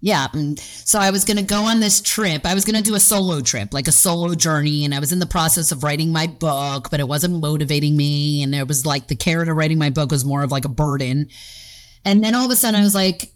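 Low-voiced woman near fifty, candid interview guest, lively and profane. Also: fast. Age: around 50. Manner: animated, acts out inner voices, swears freely. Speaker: guest, fitness coach and gym owner.

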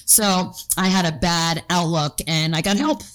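Low-voiced woman near fifty, candid interview guest, lively and profane. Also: unhurried. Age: around 50. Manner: animated, acts out inner voices, swears freely. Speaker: guest, fitness coach and gym owner.

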